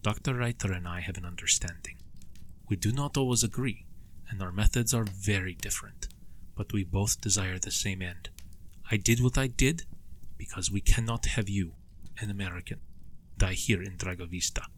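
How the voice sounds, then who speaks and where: A calm, grave village priest with a Romanian accent, as a man puts him on in an audiobook. He speaks gently and apologetically, a touch higher than the low-voiced narrator. A faint hum sits behind him. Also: moderate pace, natural voice, poor audio. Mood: grave, gentle.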